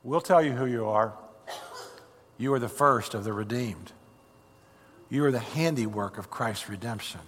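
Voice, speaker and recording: A man's voice: mid-range voice, normal speed, pauses often, a bit bright, in a large hall, pitched below the performer's own voice, natural voice. A man voicing a group of astonished, formal angels who speak with solemn reverence.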